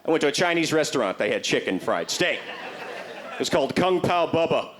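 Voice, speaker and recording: A man's voice: fairly high pitch, sing-song, a little fast, a bit bright, a little hiss or hum. A man from Texas doing a stand-up set with folksy, wry storytelling. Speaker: stand-up comedian.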